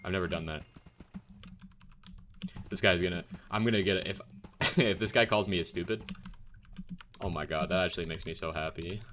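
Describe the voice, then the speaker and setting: A man's voice: sits low, moderate pace, pauses often, fairly bright tone, a little hiss or hum. A young man streaming a game, casually and bluntly answering viewer questions in a chatty way.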